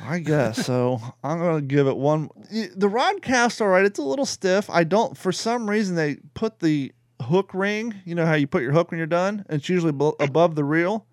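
A man hosting a casual chat, animated and swearing, acting out voices in his stories. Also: fairly high pitch, moderate pace, hardly any pauses, dry recording, clean studio sound. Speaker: podcast host.

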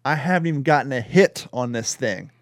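A man hosting a casual chat, animated and swearing, acting out voices in his stories. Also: mid-range voice, a little fast, no room sound. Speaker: podcast host.

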